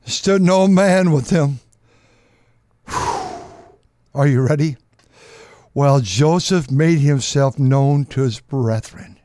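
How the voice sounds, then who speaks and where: A man preaching a sermon, reading scripture aloud and repeating phrases for emphasis, swinging from loud outbursts to hushed tones. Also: on the high side, slow pace, no room sound. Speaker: pastor.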